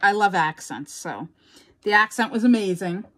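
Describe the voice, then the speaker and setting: A woman's voice: medium pitch, animated, normal speed, fairly bright tone. A woman with a New York accent chatting casually to viewers as a crafting vlogger, rambling and laughing often.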